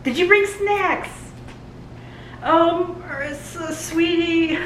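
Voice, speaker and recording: A woman giving a live reaction commentary, gushing and excitable as she talks back to the screen. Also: very high-pitched, very slow, long pauses. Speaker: book and TV reviewer. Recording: roomy echo, faint hiss.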